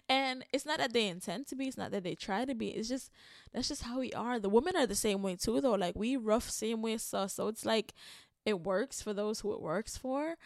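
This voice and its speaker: A woman's voice: fairly high pitch, no room sound, clean studio sound. A young Jamaican woman hosting a podcast alone, talking in a rambling, candid way with lots of swearing and laughs. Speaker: podcast host. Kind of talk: casual solo podcast monologue.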